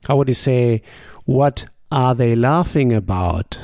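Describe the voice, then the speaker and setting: A man, a native German speaker, teaching a language lesson with patient drills and sample sentences spoken slowly. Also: medium pitch, darkish tone, no room sound, clean studio sound.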